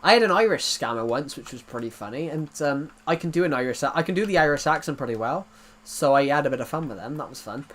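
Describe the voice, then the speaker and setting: A streamer chats away over his game, wandering from one story to the next and chuckling at his own punchlines. His voice sits a touch higher than most men's. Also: lively intonation, fast, fairly bright tone. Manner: rambling anecdotes, laughs at his own jokes. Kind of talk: casual chat while streaming.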